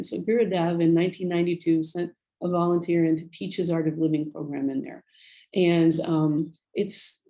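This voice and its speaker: A woman's voice: fairly low pitch, warm tone, poor audio. A woman speaking earnestly and a little rambly on a video call, retelling stories about the volunteer work she does. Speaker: volunteer speaker on prison program. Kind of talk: casual talk on a video call.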